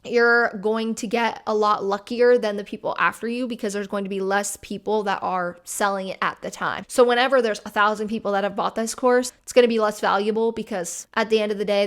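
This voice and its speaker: A woman's voice: medium pitch, fairly bright tone. Skeptical woman explaining a point. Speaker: commentary vlogger. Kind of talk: critical commentary.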